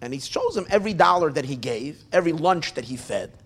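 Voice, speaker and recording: A man telling a story in a casual, spoken way, with loud bursts, near-mumbled asides and frequent restarts. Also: on the high side, lively intonation, fast talker.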